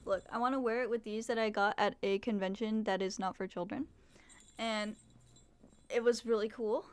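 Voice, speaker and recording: A woman's voice: mid-range voice, steady tone, normal speed, clean tone. A young adult woman chatting casually to viewers on a livestream, swearing and trailing off, at a desk microphone. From Mexican heritage. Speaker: streamer.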